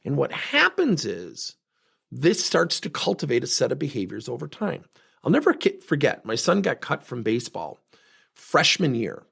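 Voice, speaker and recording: Gravelly, husky middle-aged man. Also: medium pitch, moderate pace. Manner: animated storytelling, acting out quotes. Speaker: motivational speaker and former coach. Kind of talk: motivational talk.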